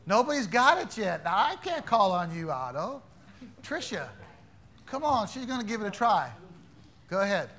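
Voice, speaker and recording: A man's voice: high-pitched, very animated, moderate pace, bright, forceful tone. A man teaching an interactive Bible class, quizzing his students in a playful, teasing way.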